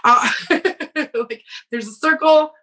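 A woman's voice: on the high side, slow, pushed and bright. A woman in her thirties telling a story in casual chat, laughing often as she goes.

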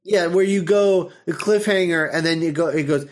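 Animated, laughing male podcast host. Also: fairly high pitch, moderate pace. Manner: animated, full of fillers, laughs often. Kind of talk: casual chat recapping an episode.

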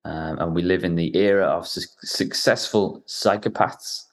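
Low-voiced guy from newcastle, england hosting a podcast, rambly, lots of restarts. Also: fairly even intonation, measured pace. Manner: rambling, with many restarts and fillers. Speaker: podcast host. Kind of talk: casual conversation.

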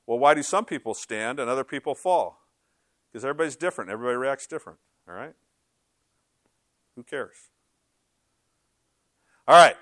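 A man's voice: mid-range voice, expressive, normal speed, long pauses, fairly bright tone, dry recording, studio quality. A male pastor preaching a sermon in a conversational, emphatic way, with frequent rhetorical questions.

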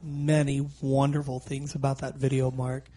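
A man co-hosting a casual music podcast, talking in animated bursts with frequent restarts. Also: mid-range voice, normal speed. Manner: animated, talks in bursts with restarts and mock voices. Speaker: podcast co-host.

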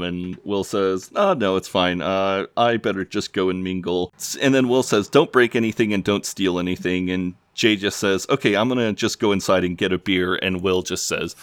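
A man's voice: sits low, fairly bright tone, smooth, no room sound. A man co-hosting a podcast, chatting loosely and swearing freely as he recaps a TV episode with lots of fillers. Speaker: podcast co-host. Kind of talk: casual chat recapping a TV episode.

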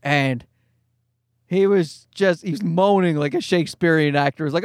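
A man telling a comedic rant with a profane, exasperated, animated delivery. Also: fairly high pitch, moderate pace, no echo, studio quality. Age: adult parent.

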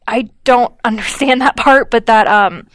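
A woman's voice: a little high, unhurried, a bit bright, dry recording. A woman co-hosting a podcast, telling a story in a chatty way with lots of fillers and acted-out quotes. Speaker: podcast co-host. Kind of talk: casual chat.

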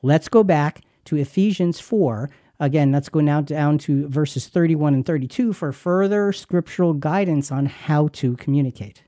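A man's voice: on the high side, normal speed, hardly any pauses, dark tone, dry recording, studio quality. A man co-hosting a Christian marriage teaching, talking with emphatic, preacherly repetition. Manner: emphatic, preacherly, repeats words. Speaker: Christian radio co-host.

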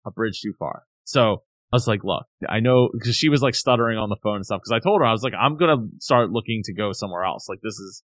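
Brief: male co-host, lively complaining storyteller, dry recording. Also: on the low side, fast, hardly any pauses, no echo. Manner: animated, ranting, mock-quoting others. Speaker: podcast co-host. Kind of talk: casual chat, telling a complaint story.

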